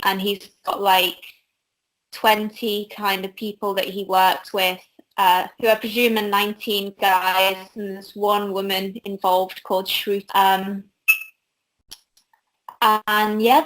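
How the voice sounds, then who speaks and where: A young British woman chats on a livestream, relaxed and full of fillers. She laughs softly between thoughts and talks in a loose, everyday way. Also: medium pitch, rough recording. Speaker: host. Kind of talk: casual chat on a livestream.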